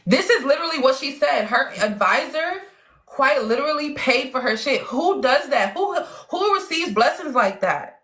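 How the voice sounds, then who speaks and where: A woman hosting a casual live chat, excitable and slangy, laughing often as she talks. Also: sits high, normal speed. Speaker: livestream host.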